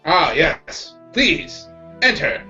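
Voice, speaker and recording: A man's voice: a little high, sing-song, very slow, pushed and bright, far from the mic, lo-fi sound, soft background music, exaggerated voice. A man voicing a proud, formal male monk in a tabletop game, with old-fashioned speech.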